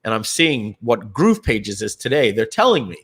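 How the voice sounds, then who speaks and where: A man co-founding a company tells a long story on a live stream in casual talk. He clears his throat often, restarts and repeats words, and acts out what others said. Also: fairly low pitch, moderate pace. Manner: animated, acts out the dialogue of others.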